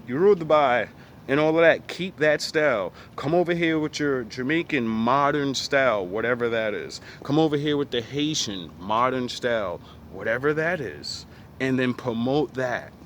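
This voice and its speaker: American man vlogging outdoors, mid-pitched, blunt and profane, with faint traffic noise behind him. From United States. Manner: blunt, profane, emphatic, repetitive. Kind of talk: ranting commentary.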